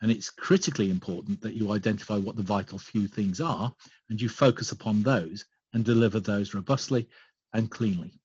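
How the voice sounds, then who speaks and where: A man presenting a business webinar, explaining points in a measured way and listing them one by one. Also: fairly low pitch, a little mellow, husky, no echo. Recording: dull lo-fi online call audio.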